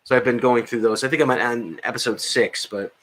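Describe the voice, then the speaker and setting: A man with a bright, clear voice chats casually on a podcast about films. He rambles, fills gaps with "um" and starts sentences over, at an ordinary pitch. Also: steady tone, a little fast. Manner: rambling, many fillers and restarts. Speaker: podcast co-host. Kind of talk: casual chat about movies.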